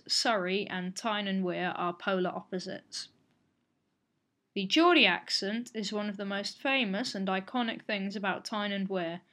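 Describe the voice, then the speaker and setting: A woman's voice: mid-range voice, a bit bright. A woman presenting an educational video in scripted narration, reading figures out evenly. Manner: measured, reads out figures evenly.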